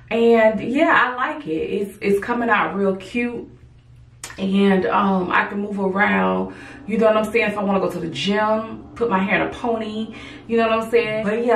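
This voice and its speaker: A woman's voice: medium pitch, gravelly, roomy sound, distant mic, slight background noise. A tired woman chatting casually and playfully while she braids her own hair late at night. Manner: chatty, playful, sassy asides. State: tired, yawning. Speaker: beauty vlogger. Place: home at night.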